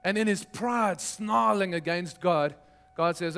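A man's voice: sits high, expressive, measured pace, fairly bright tone. A middle-aged man, a pastor, preaching a sermon in a conversational, storytelling way with touches of humor.

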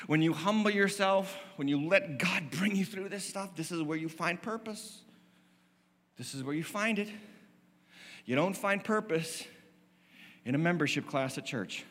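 A man's voice: sits high, measured pace, long pauses, a bit bright. A male lead pastor preaching a sermon from a church stage, impassioned and emphatic, with lots of repetition. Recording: long reverb of a large hall.

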